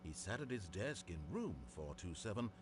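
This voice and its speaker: A man's voice: on the low side, sing-song, noisy background. An actor playing a wry, all-knowing male game narrator who tells the story in a dry, theatrical way and teases the player. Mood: measured. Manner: dry, mocking, drawn-out storytelling.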